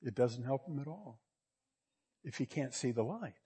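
Husky preacher man in a big hall. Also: medium pitch, animated, normal speed. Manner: conversational, builds to loud emphatic peaks, repeats words. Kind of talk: sermon. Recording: long reverb of a large hall.

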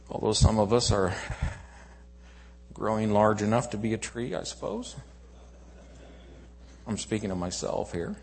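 Animated male preacher in an echoey church. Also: on the low side, normal speed, pauses often. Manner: animated storytelling, swinging from loud to hushed. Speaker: pastor. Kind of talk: sermon.

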